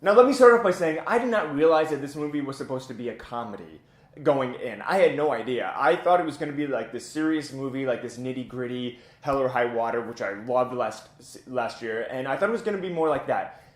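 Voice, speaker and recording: A man's voice: mid-range voice, expressive, a little fast, reverberant. A man giving a casual, blunt and opinionated spoken film review as host of his own channel, chatty with plenty of filler words.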